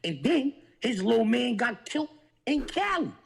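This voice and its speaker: A man's voice: very high voice, sing-song, moderate pace, creaky, a bit bright, low-quality recording. A man on a podcast, talking in heated, emphatic street slang. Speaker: podcast guest. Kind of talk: heated casual talk.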